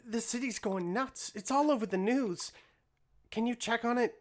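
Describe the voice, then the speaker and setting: A man voicing a panicked young woman who stammers and rushes her words. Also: very high voice, pitched above the performer's own voice. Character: frantic young woman, panicked herd member.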